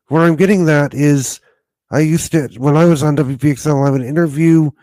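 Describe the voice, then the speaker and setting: Slightly high-voiced man hosting, halting. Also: mellow, no echo. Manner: halting, many fillers and restarts while asking. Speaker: podcast host. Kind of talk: podcast interview.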